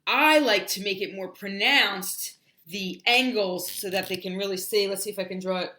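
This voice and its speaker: A woman's voice: mid-range voice, bright, forceful tone, reverberant. A woman teaching English shapes on a livestream, chatty, often singing and stretching out words for children to repeat. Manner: sings and drills words slowly, chatty asides. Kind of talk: animated livestream lesson.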